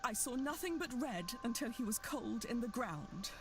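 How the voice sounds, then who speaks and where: A woman voicing a bitter widow haunted by her dead husband in a video game, speaking in a slow, measured, brooding way. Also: a little high, lively intonation, natural voice. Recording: game audio with music behind.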